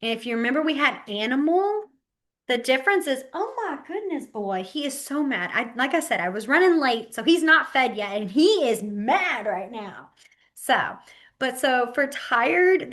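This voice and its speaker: Female teacher, lively and giggly, acts out examples, slightly high voice, webcam call. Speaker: sign language teacher. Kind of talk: online class instruction. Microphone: webcam mic on a video call.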